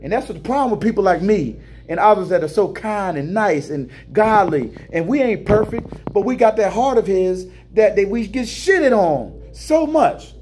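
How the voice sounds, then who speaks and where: A middle-aged American truck driver venting in an emotional, preachy vlog monologue indoors at a terminal, sliding between low mutters and high emphatic bursts. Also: male voice, expressive, moderate pace, few pauses, a little mellow, slight background noise. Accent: American English.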